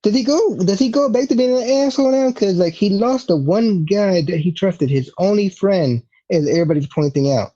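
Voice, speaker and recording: A man chats casually as a podcast co-host, asking relaxed questions full of fillers. His voice is warm and mellow and sits a bit high for a man. The audio is dull and lo-fi. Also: fairly quick, few pauses. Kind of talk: casual chat.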